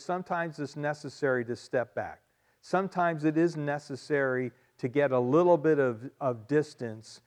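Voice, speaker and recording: A pastor with a voice on the high side preaches a sermon in an emphatic yet conversational way. He often repeats key phrases and adds asides to his congregation.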